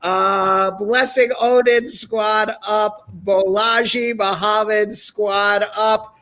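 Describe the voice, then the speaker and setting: A man from New York hosting a live-stream talk show, chatty and reading out viewer names between quick asides. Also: high-pitched, fairly even intonation, bright, forceful tone. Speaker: host.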